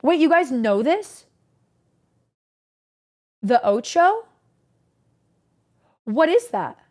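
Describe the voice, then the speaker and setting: A young woman streamer casually recapping stories to her chat, animated and swearing freely. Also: high voice, extremely slow.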